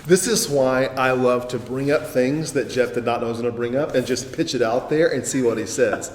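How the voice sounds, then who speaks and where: A man's voice: medium pitch, brisk. A man hosting a faith conversation, affirming his guest with frequent interjections. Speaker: host. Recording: roomy hall reverb, faint ambience.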